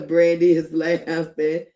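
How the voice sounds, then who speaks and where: Slow, emphatic middle-aged woman commentator. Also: low-pitched, level tone, warm tone. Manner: emphatic, drawn-out, laughs often. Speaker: live-stream commentator. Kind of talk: live commentary chat.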